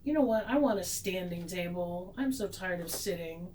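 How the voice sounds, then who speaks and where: A woman's voice: fairly low pitch, expressive, normal speed, a little mellow, a little hiss or hum, rough recording. A woman vlogging a tarot reading in a casual, sarcastic, self-mocking way, laughing often.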